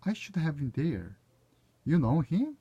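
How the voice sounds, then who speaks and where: A man whose first language is Korean reads short English conversation lines aloud in turn, stopping now and then to correct himself. His voice is husky and mellow. He talks at an unhurried pace and his pitch moves in a lively way. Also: dull audio. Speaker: proofreader reading aloud. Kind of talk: reading practice phrases aloud.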